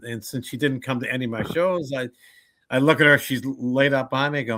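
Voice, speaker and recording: Man, comedian, podcast guest, bright forceful voice, animated storyteller, restarts sentences. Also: mid-range voice, quick pace. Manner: animated storyteller who acts out quoted people; frequent restarts and stammers when thinking. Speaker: comedian and motivational speaker. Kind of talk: casual podcast interview.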